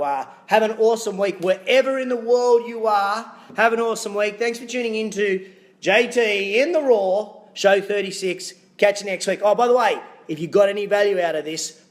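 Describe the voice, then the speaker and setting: An Australian man hosting his own video podcast as a fitness business coach, talking to camera in an upbeat, energetic, motivational way with punchy asides. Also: a little high.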